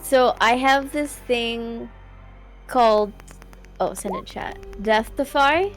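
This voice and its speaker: A woman's voice: fairly high pitch, slow, faint music behind, rough recording. A woman player in a tabletop game, hesitant and explaining her moves with many fillers.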